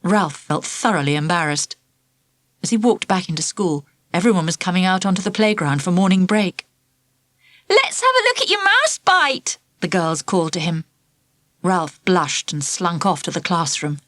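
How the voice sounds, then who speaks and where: A woman narrating a children's storybook in an expressive, lively storytelling manner. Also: fairly low pitch, normal speed, no room sound. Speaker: audiobook narrator.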